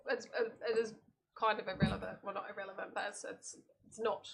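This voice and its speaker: A woman councillor asking a quick question in a chatty, self-deprecating way. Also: medium pitch, level tone, gravelly, noisy background. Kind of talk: casual question at a meeting.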